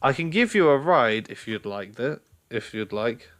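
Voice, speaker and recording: A man's voice: medium pitch, expressive, normal speed, fairly bright tone, natural voice. A man reading the lines of a kindly middle-aged cart driver in a friendly, plain-spoken way. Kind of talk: read-aloud storybook voice.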